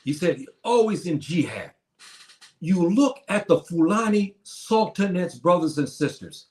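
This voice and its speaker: An older man in his seventies lectures with emphasis, circling back to his points and calling out to his listeners directly. His voice sits somewhat high for a man. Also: very animated, moderate pace, darkish tone. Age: 70s. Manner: emphatic, repetitive, addresses listeners as brothers and sisters. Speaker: teacher of a class. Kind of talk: lecture to a community. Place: Morocco.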